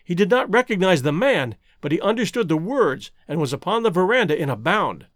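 Man narrating an audiobook, dramatic, high voice that swoops around, dry sound. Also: fairly quick, few pauses, no room sound. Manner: dramatic, expressive reading. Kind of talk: scripted narration.

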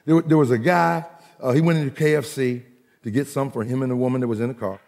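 A man's voice: mid-range voice, steady tone, fast talker, vocal fry, a little mellow, big-room sound. A man preaching a sermon as pastor, rhythmic and emphatic, mixing humor with calls to the congregation.

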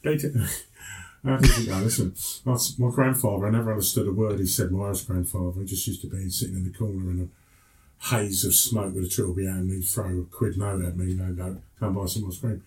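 Chatty Cockney man, low voice. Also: flat delivery, brisk, a little mellow, slight background noise. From England. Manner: chatty, tag questions like "yeah?". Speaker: podcast guest. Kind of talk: casual chat, storytelling. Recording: from a distance.

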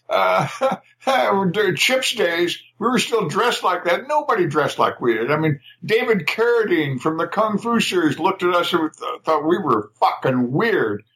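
A man's voice: high-pitched, sharp tone, poor audio. An older man, a writer guest on a podcast, telling casual anecdotes with frequent laughs and repeated words. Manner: chatty storyteller, laughs often, repeats words.

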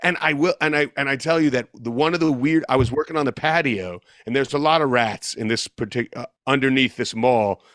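A man's voice: mid-range voice, fairly quick, few pauses, a bit bright, dry recording. Rambling male storyteller, dry close sound. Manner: rambling, self-correcting, laughs mid-story. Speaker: guest musician. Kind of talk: casual storytelling.

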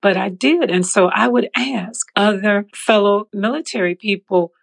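A woman shares her personal testimony as an interview guest, animated and quick to laugh. She acts out the voices of the people in her story. Her mid-range voice carries a gravelly rasp. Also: mid-range voice. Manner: laughs often while telling.

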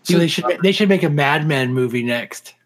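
A man's voice: on the high side, expressive, normal speed. A man co-hosting a podcast in casual banter, rambling and cracking dry jokes. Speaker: podcast co-host.

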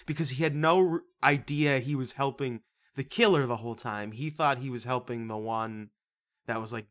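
A man's voice: medium pitch, moderate pace. A man co-hosting a casual podcast, animatedly recapping a movie plot and laughing often. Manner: animated storytelling, breaks into laughter. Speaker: podcast co-host.

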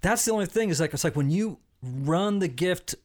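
A man's voice: high-pitched, lively intonation, normal speed. A man hosting a casual panel discussion, explaining ideas with energy and often checking in with "right?". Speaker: podcast host.

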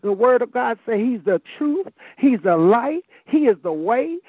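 A man preaching a sermon, fervent and filling every pause with "amen," "praise God" and "my God.". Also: extremely high pitch, very animated, husky, no room sound. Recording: tinny phone-like dry sound.

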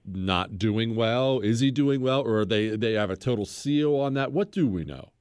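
A man's voice: mid-range voice, normal speed, darkish tone, clean tone, no room sound. A man hosting a talk radio show, asking questions in a playful, joking way. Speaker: radio host.

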